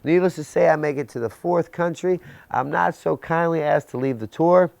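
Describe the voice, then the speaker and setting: A man's voice: fairly high pitch, normal speed, creaky, darkish tone, dry recording. Intense man telling his recovery story. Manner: intense, storytelling with rhetorical questions. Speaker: recovery speaker. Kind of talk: personal testimony.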